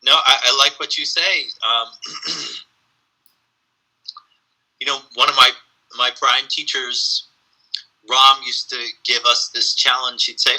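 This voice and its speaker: A man with a very bright, sharp tone chats as a podcast guest. He muses on ideas and slips into lively storytelling, throat-clearing and saying "um" as he goes. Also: mid-range voice, takes it slowly, long pauses, poor audio. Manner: animated storyteller, frequent fillers. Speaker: podcast guest, spiritual teacher. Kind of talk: casual reflective conversation.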